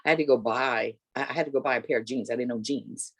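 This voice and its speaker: Middle-aged woman, interview guest, expressive storyteller who acts out dialogue. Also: fast, breathy edge. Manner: animated, acts out voices with big pitch jumps and laughter.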